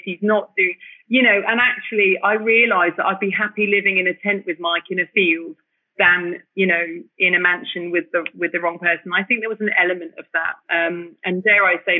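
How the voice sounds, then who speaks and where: A woman telling her story as an interview guest, animated and emotional, often restarting her sentences. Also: fairly low pitch. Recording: tinny phone-like line.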